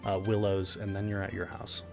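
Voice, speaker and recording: A man narrating a tabletop game as game master, in measured, descriptive storytelling. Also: fairly low pitch, completely flat delivery, vocal fry. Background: background music.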